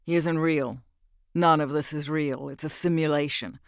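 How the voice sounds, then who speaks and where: A man's voice: a little high, clear, resonant tone, no room sound, studio quality, natural voice. Lemoine, a man doing a cold, calculating businessman. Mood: soothing. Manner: slow, calm and controlling. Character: cold, calculating middle-aged male businessman.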